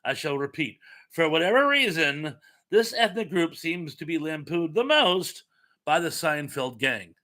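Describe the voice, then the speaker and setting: A man hosts a relaxed live-stream chat, quizzing viewers on trivia between lively stories. His voice is bright and forceful, and he pokes fun at himself as he talks. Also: fairly high pitch, unhurried. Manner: animated, chatty storyteller with self-mocking asides.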